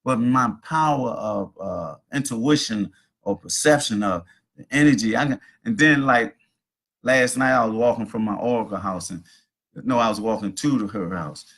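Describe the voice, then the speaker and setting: A man's voice: lowish voice, moderate pace, fairly bright tone, slightly rough. A middle-aged man hosting a casual livestream from home, talking in a rambling, preachy storytelling manner. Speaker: host.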